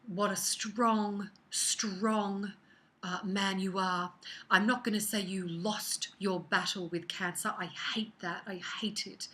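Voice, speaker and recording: A woman giving a casual weekly card reading as a psychic, chatty and expressive, sometimes dropping into soft whispered asides. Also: on the low side.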